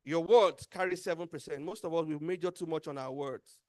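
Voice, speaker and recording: A man's voice: fairly high pitch, fairly quick, a little mellow, no room sound, clean studio sound. A man with a Nigerian accent giving a motivational training talk, emphatic and repeating key words as he quizzes his audience. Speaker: workshop trainer.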